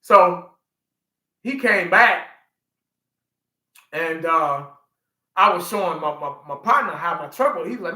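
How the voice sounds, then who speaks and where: Man in his 40s, fan-show host, high bright voice, animated storytelling, roomy echo. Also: slow, long pauses. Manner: animated storyteller, laughs often, talks to chat by name. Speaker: livestream host. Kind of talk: casual livestream chat.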